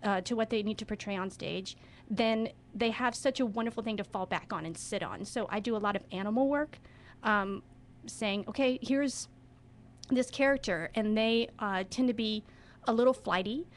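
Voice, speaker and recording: A woman's voice: medium pitch, moderate pace, slight background noise. A woman who directs children's theater, talking as a guest in a radio studio interview with enthusiasm and expression.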